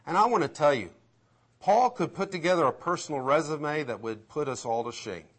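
A man preaching a sermon, swinging from loud emphatic peaks to hushed asides. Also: fairly high pitch, expressive, fairly quick. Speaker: pastor.

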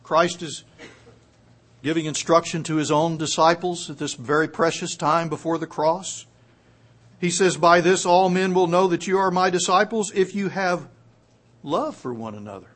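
Delivering a sermon, a man with a fairly high voice sinks to hushed, nearly murmured lines before rising to loud, forceful peaks. He slows sharply to lean on the words he wants his listeners to catch.

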